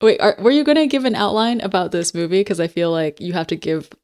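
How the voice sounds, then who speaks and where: A woman co-hosting a casual podcast chat, chiming in with quick comments and questions. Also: medium pitch, expressive, darkish tone, clear, resonant tone. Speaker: podcast co-host.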